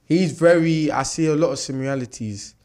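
A man's voice: fairly high pitch, a little fast, darkish tone. Laid-back young man. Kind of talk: casual chat.

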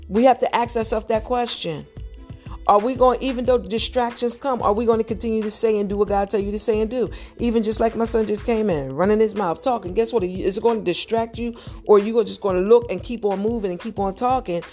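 A woman's voice: mid-range voice, steady tone, a little mellow. Woman preaching on a podcast, lots of rhetorical questions, gets emphatic, faint music behind. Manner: exhorting with rapid rhetorical questions; emphatic, repetitive, rising to urgent peaks. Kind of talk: preaching sermon.

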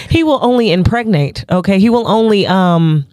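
A woman podcast co-host talks in a mid-range voice. She tells profane, animated stories and slips into put-on voices. The sound is dry and close to the mic. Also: medium pitch, normal speed, no room sound. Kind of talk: casual podcast chat.

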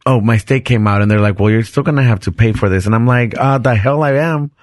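A man hosting a podcast, telling a personal story in an animated, chatty way with frequent restarts. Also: on the low side, fast talker, no echo, clean studio sound. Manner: animated, chatty, restarts sentences and laughs often. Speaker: podcast host. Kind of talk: casual storytelling.

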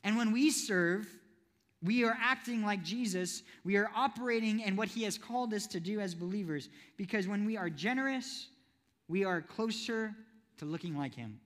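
A man preaching a youth sermon to a live audience in a church hall, playful and quick to ask the crowd questions. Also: sits high, a bit bright. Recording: long hall reverb.

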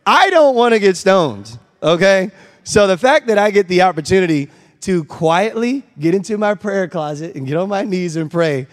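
A young man delivers a sermon from the pulpit, slipping into stories and acting out the scenes as he goes. His voice sits a little higher than most men's, and a long reverb from the large church hall trails after his words. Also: normal speed. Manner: storytelling, animated, acts out scenes. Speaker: pastor. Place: church sanctuary.

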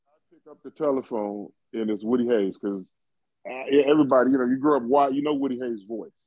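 A man's voice: medium pitch, brisk, dry recording. Rambling, chuckling man on a dull recording. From Ohio. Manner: rambling with many fillers, chuckling. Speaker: interview guest, former football player. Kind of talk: conversational storytelling.

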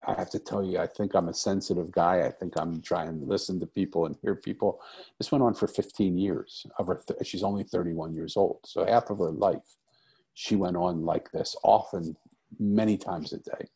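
With a deep, creaky voice that's mellow and husky, a middle-aged man speaks at a moderate pace. He's telling a personal story as an interview guest, conversational, earnest and reflective, and he repeats phrases to emphasize them.

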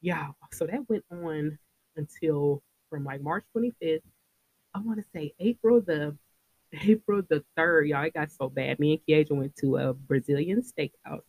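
A woman in her thirties hosting a podcast, telling a personal story in a casual, animated way and talking straight to her listeners. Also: low-pitched, moderate pace, no echo. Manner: animated, talks straight to listeners, laughs often. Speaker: podcast host.

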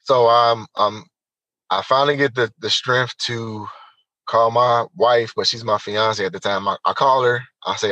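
A man telling a personal story as an interview guest, animated and emphatic, speaking straight to the listeners. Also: medium pitch, normal speed, no echo, rough recording.

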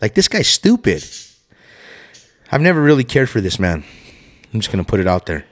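Male co-host, low and lively, blunt, profane, opinionated. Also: normal speed. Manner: blunt, opinionated, swears freely. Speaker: podcast co-host. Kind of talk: casual chat.

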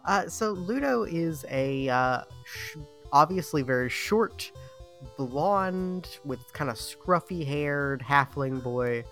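A man hosting a tabletop game podcast, rambling and halting in casual chat with friends, laughing at himself. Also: fairly high pitch, lively intonation, fairly bright tone, faint music behind. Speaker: podcast host and player.

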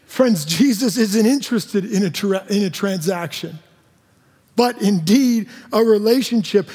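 A male pastor giving a sermon, earnest and sing-song, dropping to quiet emphasis. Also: high-pitched, a little slow. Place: church sanctuary. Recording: long hall reverb.

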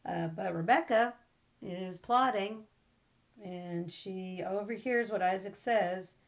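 A woman teaches a Bible lesson, first reading the passage in a steady storybook manner, then talking it over with small hesitations. Her voice sits at a middle pitch. The recording is dull and lo-fi. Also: slow pace, vocal fry. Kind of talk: reading scripture aloud, then explaining it.

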